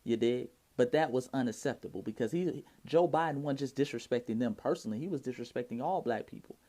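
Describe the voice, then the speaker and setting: A man's voice: mid-range voice, fast talker, mellow. A man with an Atlanta Southern accent giving impassioned, preachy reaction commentary in heavy slang. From Atlanta, Georgia. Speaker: vlogger.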